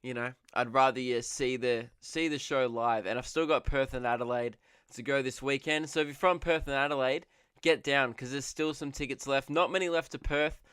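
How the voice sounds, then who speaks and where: A man's voice: medium pitch, fairly even intonation, normal speed, a bit bright, clean tone, no echo, clean studio sound. A young man hosting his own comedy podcast, rambling and sarcastic, often laughing at his own jokes.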